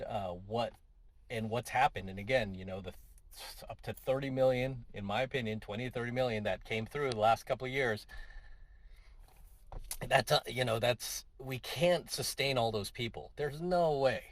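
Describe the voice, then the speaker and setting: A man delivering a talking-head opinion monologue in a loose, conversational way. He restarts sentences and tags on rhetorical questions as he goes. His voice sits at an ordinary middle pitch, and the recording is dry and close with no room echo. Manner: conversational, frequent tag questions, repeats himself. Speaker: commentary vlogger.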